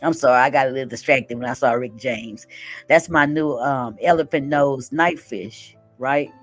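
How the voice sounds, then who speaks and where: A woman's voice: rumbling low, normal speed, faint music behind. A woman hosting a live stream, reading daily affirmations aloud and chatting casually, often asking "right?". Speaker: livestream host.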